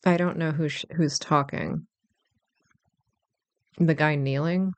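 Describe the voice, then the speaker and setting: Creaky, chatty let's-play commentator. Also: mid-range voice, steady tone, slow pace, long pauses, no room sound. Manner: chatty, self-deprecating, thinking aloud. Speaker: gameplay commentator.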